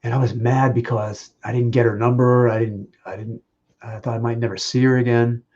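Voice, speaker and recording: A man with a gravelly, creaky voice tells personal stories at a memorial, stopping and restarting his phrases with small laughs in between. He speaks over a video call, and the audio is dull and lo-fi. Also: mid-range voice, little pitch movement, a little fast, a little mellow. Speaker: speaker giving a eulogy.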